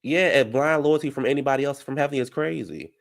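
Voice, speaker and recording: A man giving brash, profane reality TV recap commentary, heated and animated. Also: medium pitch, quick pace, creaky.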